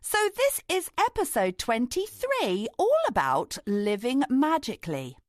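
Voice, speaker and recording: A woman's voice: fairly high pitch, wildly swooping pitch, a little slow, soft background music. A woman co-hosting a podcast, chatty and rambling as she talks animatedly about films. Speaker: podcast co-host. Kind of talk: casual chat.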